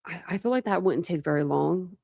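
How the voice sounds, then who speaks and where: A woman's voice: fairly low pitch, animated, fairly quick, creaky, mellow, breathy edge, no echo, studio quality. A woman hosting a true crime channel, chatting casually and rambling to her live chat.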